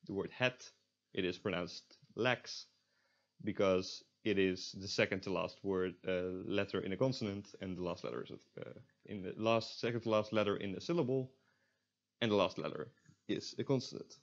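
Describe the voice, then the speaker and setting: A man's voice: low voice, steady tone, moderate pace. A young man teaching a beginner's language lesson, explaining step by step with frequent fillers and self-corrections. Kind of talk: recorded online lesson. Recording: dull lo-fi recording.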